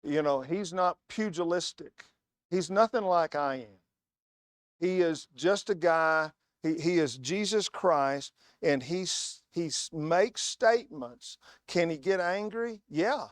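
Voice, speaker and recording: A man delivers a sermon as a guest preacher, pressing his points with emphatic stress and spinning anecdotes in a storytelling manner. His voice sits a little high for a man. The sound is close and dry, with little room echo. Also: expressive, slow pace. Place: church.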